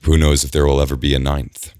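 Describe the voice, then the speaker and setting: A man's voice: a bass voice, level tone, darkish tone, no echo, studio quality. A man voicing a stammering anxious engineer. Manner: halting and stammering.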